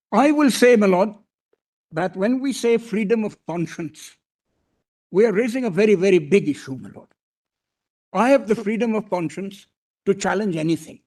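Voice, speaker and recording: An older man, giving a formal courtroom argument as a senior advocate, deferential and measured, addressing the bench as "my lord" over and over. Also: high-pitched, darkish tone. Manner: formal and deferential, repeatedly saying "my lord", with pauses and restarts.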